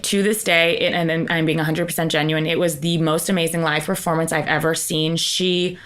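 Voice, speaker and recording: A woman with a fairly low voice talks through gossipy stories as a podcast co-host. Her chat is loose and casual, full of "like" and asides. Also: level tone, a little fast, a bit bright.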